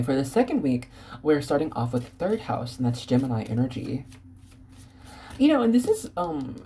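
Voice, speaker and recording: Woman, very low mellow voice, giggly rambling tarot reader, casual address to camera. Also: a little hiss or hum. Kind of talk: casual tarot reading to viewers.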